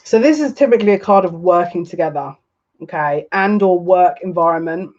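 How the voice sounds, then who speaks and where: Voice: medium pitch, fairly quick, lo-fi sound. Chatty, laughing psychic tarot reader. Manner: chatty and rambling, often laughing and repeating phrases. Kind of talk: live tarot reading, chatting with viewers.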